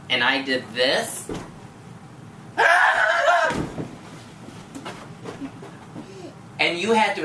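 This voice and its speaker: A woman's voice: deep voice, bright, forceful tone. A woman teacher, patient and encouraging, tutoring a student one-on-one with many questions. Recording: echoey room from far off, faint noise.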